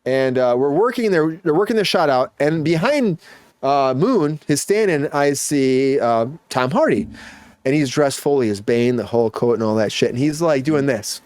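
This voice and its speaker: Profane, animated male podcast host. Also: mid-range voice, moderate pace, no room sound. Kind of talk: casual chat, storytelling.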